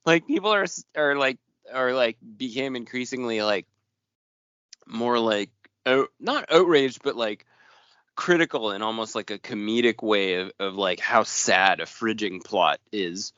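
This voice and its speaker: A man's voice: medium pitch, lively intonation, unhurried, pushed and bright, no echo. Podcast co-host, man, blunt and wry, dry close muffled recording. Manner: blunt, wry, swears casually. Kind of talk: casual comic book discussion. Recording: dry, dull lo-fi sound.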